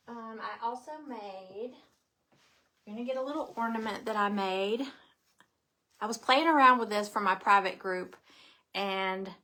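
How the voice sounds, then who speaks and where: A woman's voice: medium pitch, bright, forceful tone. Chatty woman hosting a craft live stream. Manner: chatty, bubbly, greets viewers by name. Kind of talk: casual live-stream chat.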